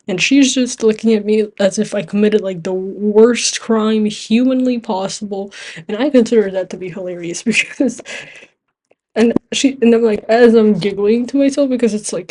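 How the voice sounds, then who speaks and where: A woman's voice: a little high, normal speed, a little mellow. A teenage girl who is not a native English speaker, telling a rambling story with giggles and restarts while playing a game. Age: teens. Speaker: gaming vlogger. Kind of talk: casual storytelling over gameplay.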